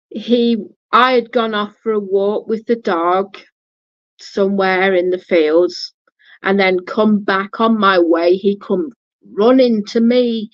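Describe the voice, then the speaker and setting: A woman speaks slowly and bluntly in a casual storytelling vlog, swearing and restarting her sentences. The recording is dry and dull, with a muffled lo-fi tone. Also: mid-range voice, no room sound. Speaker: vlogger.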